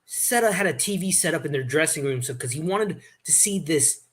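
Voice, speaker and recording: A man's voice: fairly high pitch, expressive, a little fast, a bit bright, slightly rough. A man hosting a casual chat, telling rambling stories with many restarts. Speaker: host.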